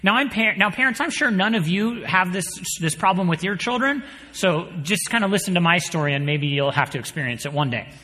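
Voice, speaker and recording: A man in his thirties preaching a sermon, telling stories with animated energy and dropping to a quiet, earnest tone for his points. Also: high voice, fairly quick, hardly any pauses, big-room sound. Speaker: pastor.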